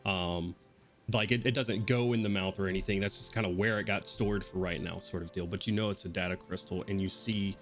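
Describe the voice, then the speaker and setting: Deep-voiced man running a tabletop game. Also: fairly even intonation, fairly quick, a bit bright, soft background music. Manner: loose, hesitant narration with fillers. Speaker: game master.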